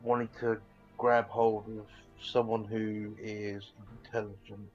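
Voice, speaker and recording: A man's voice: on the low side, level tone, slow, lo-fi sound, soft background music. A man playing in a tabletop game, explaining his moves hesitantly and saying "sort of" a lot. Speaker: player. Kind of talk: tabletop role-play chat.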